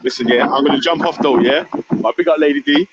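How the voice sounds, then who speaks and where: A man's voice: medium pitch, fast talker, lo-fi sound, over a noisy crowd. A man hosting a live show from his phone outdoors in the wind, laid-back and slangy. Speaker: show host. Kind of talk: casual live-stream hosting.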